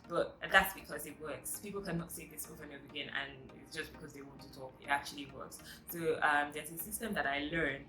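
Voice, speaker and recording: Chatty woman vlogger, bright voice. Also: deep voice, fast, few pauses, roomy sound, soft background music, low-quality recording. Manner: chatty and emphatic, addressing viewers directly. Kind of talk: motivational self-help talk to camera.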